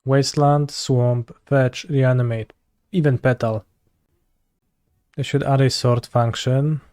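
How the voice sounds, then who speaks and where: A man's voice: medium pitch, fairly even intonation, slow pace, darkish tone, clean tone, no room sound. Sarcastic Polish-accented streamer man. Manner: sarcastic, muttering, swears when frustrated. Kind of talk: casual gameplay commentary.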